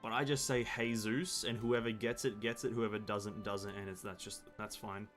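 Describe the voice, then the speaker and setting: A man's voice: fairly low pitch, level tone, moderate pace, fairly bright tone, soft background music. A young man chatting casually while streaming a game, rambling and laughing at himself. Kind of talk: casual chat.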